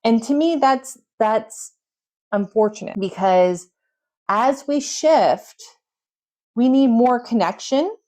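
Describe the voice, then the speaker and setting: Her medium-pitched voice is a little mellow as she hosts a solo podcast of reflective talk. She speaks earnestly, storytelling in a self-coaching way.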